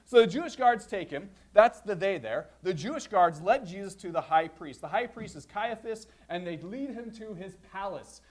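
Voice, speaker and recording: Male pastor, high-pitched voice, lively storytelling sermon delivery. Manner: storytelling, animated retelling with voiced asides.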